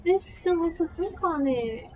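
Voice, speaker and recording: A woman vlogging outdoors from a kayak, upset and close to tears, talking in halting, broken-off sentences. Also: very high-pitched, animated, slight background noise, low-quality recording. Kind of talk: casual vlog narration.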